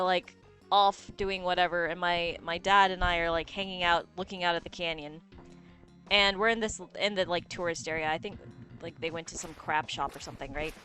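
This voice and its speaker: Animated young woman telling stories, bright voice. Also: medium pitch. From United States. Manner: animated storyteller, laughs often, many fillers. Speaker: streamer co-host. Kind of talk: casual chat over gameplay.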